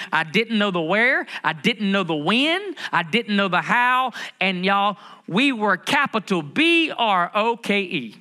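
A middle-aged pastor delivers a sermon. His voice sits high and sounds bright and forceful. He drives points home by repeating phrases and putting questions to the congregation. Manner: emphatic preaching, repeats key phrases, asks the congregation questions.

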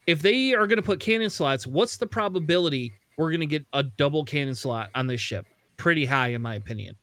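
A man hosting a casual gaming chat, excitable and quick to laugh, swearing now and then. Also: on the high side.

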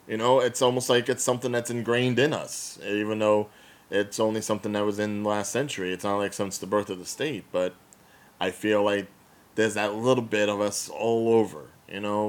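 A young man with a New Jersey accent, chatting casually as a podcast co-host, opinionated and quick to laugh. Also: lowish voice. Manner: animated, opinionated, laughs often. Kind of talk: casual chat.

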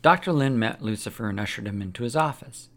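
Guy reading a faith story out loud, gravelly, steady and plain. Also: medium pitch, fast talker. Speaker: narrator. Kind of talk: reading a religious story aloud.

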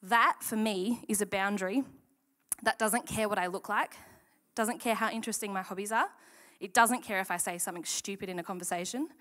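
A woman's voice: medium pitch, fairly quick. A woman giving a casual, candid sermon talk at church, acting out quoted lines in a chatty way. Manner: chatty, candid, animated quoting. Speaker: church speaker.

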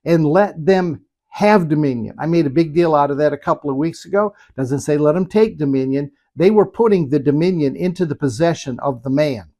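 Emphatic preaching man, slightly high voice. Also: a little fast, hardly any pauses, dark tone. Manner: emphatic, rhetorical questions and repetition. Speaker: pastor. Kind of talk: sermon.

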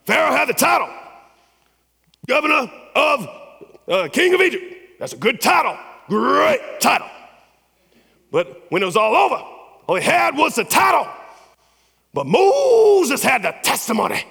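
A man putting on a fiery preacher who thunders at young graduates in a shouted, sing-song cadence. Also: very high voice, big pitch swings, unhurried, gravelly, long pauses, pitched above the performer's own voice, full character voice. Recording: long church hall reverb.

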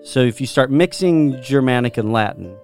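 A British man talks in an enthusiastic, lecturing way, pitched squarely in the middle. He keeps turning to his listeners with questions. Faint music plays underneath. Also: lively intonation, moderate pace, a little mellow. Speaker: host explaining the history of English. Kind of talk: casual explanatory chat.

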